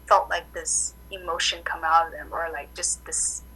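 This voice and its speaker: A woman acupuncturist chatting casually in an interview, telling animated stories full of "like" fillers. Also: low-pitched, moderate pace, breathy edge, poor audio. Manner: animated storytelling, many "like" fillers. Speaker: acupuncturist guest.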